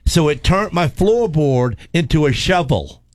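A man, a race car driver telling a wild story in casual chat, animated and repetitive, laughing often. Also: fairly high pitch, a little slow, dry recording.

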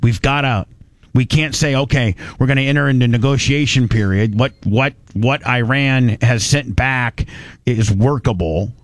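A man's voice: mid-range voice, normal speed, no room sound. A male talk radio host, rambling and mocking in casual commentary.

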